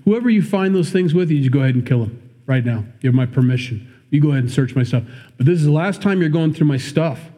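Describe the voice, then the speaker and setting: A man voicing a fed-up younger man who answers in a fast, curt, exasperated way. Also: fairly high pitch, expressive, warm tone, in a large hall. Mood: defiant.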